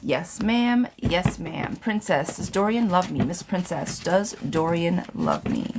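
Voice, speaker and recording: Woman, tarot host on a live stream. Blunt, chatty, slightly low voice. Steady noise behind her. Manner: chatty, blunt, reads questions aloud and repeats them. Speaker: tarot reader answering viewer questions. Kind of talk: casual live-stream chat.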